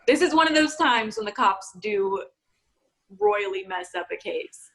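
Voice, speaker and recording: A woman's voice: medium pitch, lively intonation, unhurried, a bit bright, rough recording. Chatty young woman, casual podcast talk. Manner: chatty, laughs often, trails off. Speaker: podcast co-host. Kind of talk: casual true-crime chat.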